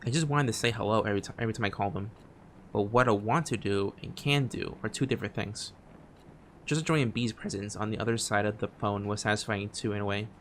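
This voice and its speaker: Male streamer, deepish voice, reads narration off screen with frequent restarts and muttered side comments. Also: fast, a little hiss or hum. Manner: reads on-screen text aloud, stumbling and restarting phrases; drops quiet asides between read lines. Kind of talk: gameplay commentary, reading game text aloud.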